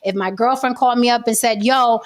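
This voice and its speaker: A woman's voice: fairly high pitch, fairly even intonation, a little fast. A young woman hosting a casual debate livestream, blunt and confrontational, and she doubles down rather than backing off. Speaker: host.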